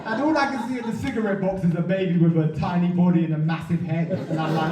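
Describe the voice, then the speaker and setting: Man, stand-up comedy, high lively voice, roomy distant live recording with noise. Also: quick pace, crowd noise. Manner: animated storytelling with sudden loud outbursts. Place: comedy venue stage.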